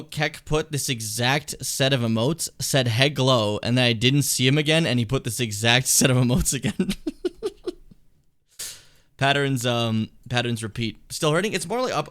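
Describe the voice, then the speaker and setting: A man's voice: medium pitch, lively intonation, fairly quick, fairly bright tone, no echo, clean studio sound. A young man talking casually while editing his own stream footage, rambling, cursing and laughing at himself. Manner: rambling, swearing, breaks into laughs and silly humming.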